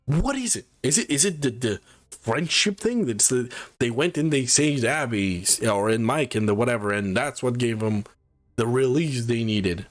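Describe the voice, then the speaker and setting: A man's voice: medium pitch, animated, normal speed. A man giving a casual spoiler review of a movie, swearing often and sounding incredulous as he rambles.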